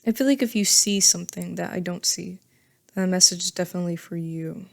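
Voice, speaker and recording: A woman's voice: on the low side, brisk, gravelly. A woman giving a casual tarot reading to camera, chatty and thinking aloud, often laughing at herself. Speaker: tarot reader.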